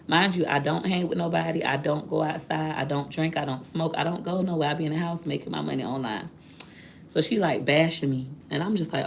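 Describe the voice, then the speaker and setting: A woman's voice: sits low, fairly quick, creaky, a little hiss or hum. A woman vlogger telling viewers a personal story in a candid, chatty way, addressing them directly.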